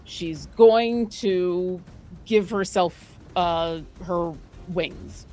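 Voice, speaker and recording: Slow-talking woman narrating her character. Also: fairly low pitch, mellow, faint music behind. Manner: descriptive, rambling with restarts and fillers. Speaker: player.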